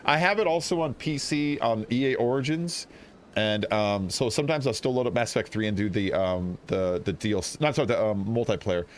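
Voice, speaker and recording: A man chatting excitedly while streaming a video game, rambling and laughing often. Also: lowish voice, a little fast, slight background noise. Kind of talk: casual gameplay commentary.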